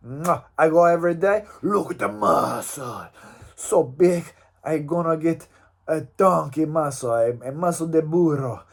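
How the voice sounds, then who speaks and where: A man's voice: on the high side, heavily acted. A man voicing a boastful macho gym owner in a mock ad, with a put-on Mexican accent and broken English. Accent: put-on Mexican Spanish accent. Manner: broken English, bragging, hammy. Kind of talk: mock radio ad.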